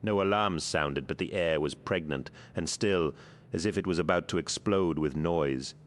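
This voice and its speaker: A man narrating an audiobook in a steady, measured way. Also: low-pitched.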